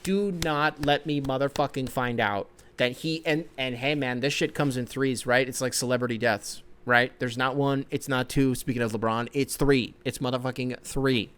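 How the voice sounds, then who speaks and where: Profane, excitable young man ranting. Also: medium pitch, moderate pace, hardly any pauses, a little hiss or hum. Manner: profane, excitable, swings between shouting and mumbling. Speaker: podcast host. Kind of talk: ranting sports commentary.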